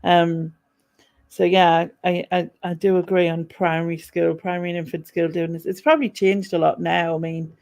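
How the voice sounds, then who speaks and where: A woman hosts a stream and recalls the past hesitantly over a video call. Her voice is low and gravelly, and the sound is close and dry. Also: little pitch movement, normal speed, a little mellow, dry recording. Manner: reminiscing, hesitant with fillers. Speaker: host. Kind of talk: casual chat on a live stream.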